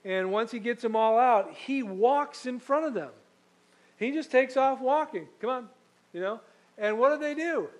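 A man's voice: very high voice, expressive, moderate pace, rough recording. A man preaching a sermon as pastor, telling stories in a conversational way and reading scripture aloud.

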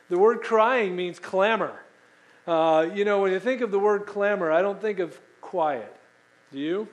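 High-voiced man preaching a sermon. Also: poor audio. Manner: animated, asks the congregation questions; acts out quoted voices. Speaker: pastor.

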